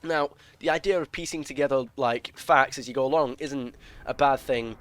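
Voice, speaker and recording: A male gaming video creator with a mid-range, somewhat bright voice talks at normal speed in a dry, echo-free recording. His rambling, opinionated commentary is full of restarts and fillers as he explains at length.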